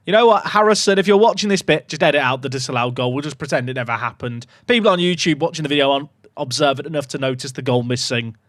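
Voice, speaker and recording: A young man streaming a football management game, commentating casually with sarcastic, excitable swings. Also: mid-range voice, fast, few pauses, dry recording, studio quality. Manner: animated, sarcastic, swings between excitement and mock despair. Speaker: gaming streamer.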